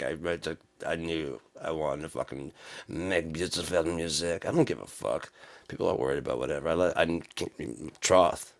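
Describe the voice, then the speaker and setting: A man's voice: deep voice, fairly bright tone. A man hosting a video channel in a profane, rambling monologue. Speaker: channel host.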